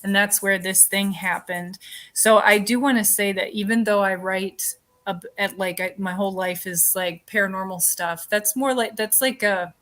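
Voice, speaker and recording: A woman speaking as an interview guest, telling a story in a chatty, animated way with lots of filler words. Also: mid-range voice, moderate pace. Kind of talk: casual interview chat.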